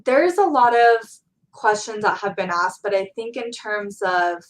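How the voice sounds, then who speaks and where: A woman's voice: mid-range voice, a little slow, low-quality recording. A young woman, a college student in her Gen Z years, talking earnestly and heartfelt as an interview guest about motivating students. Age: young adult. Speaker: guest speaker. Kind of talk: casual interview chat.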